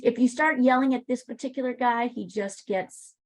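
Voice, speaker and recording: A woman's voice: a little high, moderate pace, low-quality recording. A woman teaching an art class, chatting casually and telling rambling stories.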